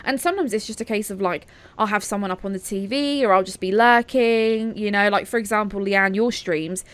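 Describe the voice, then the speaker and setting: A woman's voice: mid-range voice, brisk, fairly bright tone, clear, resonant tone, dry recording. A woman co-hosting a podcast in casual chat, chatty and encouraging, with frequent fillers. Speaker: podcast co-host.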